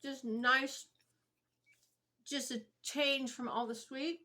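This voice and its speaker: A woman's voice: high voice, unhurried, bright, forceful tone. Chatty woman cooking at home. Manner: homey and chatty, talks while chewing. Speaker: homestead cooking vlogger. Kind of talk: casual cooking chat. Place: home kitchen.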